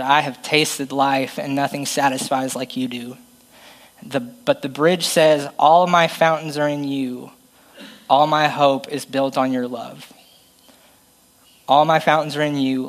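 A man's voice: mid-range voice, low-quality recording. A man preaching a conversational, self-deprecating sermon and reading Bible passages aloud.

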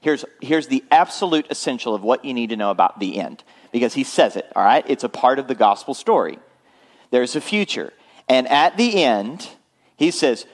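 A man's voice: medium pitch, animated, normal speed. Male pastor, conversational sermon delivery, frequent check-ins with the congregation. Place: church.

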